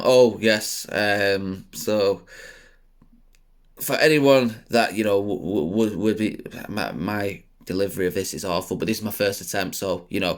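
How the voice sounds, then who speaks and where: A young man doing sit-down comedy, rambling and swearing, laughing at his own jokes and bursting into loud high outbursts. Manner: rambling, swearing, many fillers.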